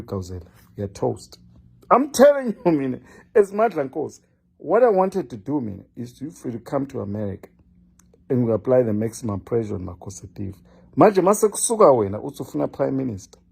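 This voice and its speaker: A man's voice: mid-range voice, gravelly, dark tone, slightly rough. An older man delivering a scolding, lecturing political monologue, addressing one person directly and repeating his name for emphasis. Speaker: political commentator.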